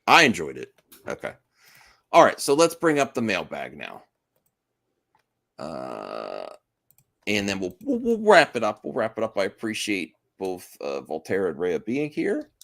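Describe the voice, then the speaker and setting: A man's voice: fairly low pitch, wildly swooping pitch, measured pace, creaky, long pauses, fairly bright tone. A man hosting a podcast in casual chat, rambling and restarting his sentences and laughing often. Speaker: podcast host.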